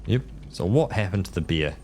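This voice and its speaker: A deep-voiced man reads a text adventure aloud on a live stream, running through the choices in a relaxed way before settling on one. A faint hiss sits under his voice. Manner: easygoing, reads options then quickly decides.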